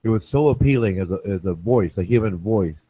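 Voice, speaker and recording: A man with a low, mellow voice hosts a casual talk show and keeps circling back to his point. He restarts sentences and checks in with "right?", speaking from a dry, close space. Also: lively intonation, a little fast, slightly rough, no echo. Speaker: show host. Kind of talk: casual chat.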